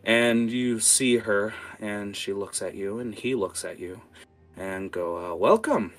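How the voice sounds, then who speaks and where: A man's voice: lowish voice, steady tone, takes it slowly, faint music behind. A man narrating a tabletop game as game master, casual and full of fillers and restarts.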